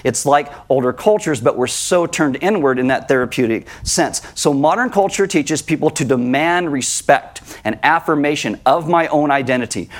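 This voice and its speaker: A man, a pastor, preaching a sermon in a conversational way and acting out quotes as he goes. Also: on the high side.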